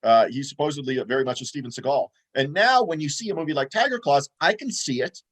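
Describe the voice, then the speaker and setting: A man's voice: fairly high pitch, fast talker, a bit bright. A man co-hosting a movie podcast, rambling casually with lots of fillers and restarts. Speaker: podcast co-host.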